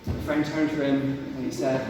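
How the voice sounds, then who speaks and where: A man's voice: a little high, flat delivery, normal speed, background noise. A young man doing a stand-up routine, telling rambling, jokey stories on a stage mic. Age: young adult. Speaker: stand-up comedian. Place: university comedy gig venue indoors. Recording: echoey hall from far off with audience.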